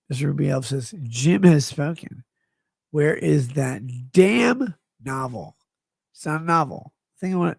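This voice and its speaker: A man's voice: medium pitch, vocal fry, a little mellow, slightly rough, no room sound. A man hosting a livestream, reading chat messages aloud and rambling in a profane, jokey way. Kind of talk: casual rambling stream chat.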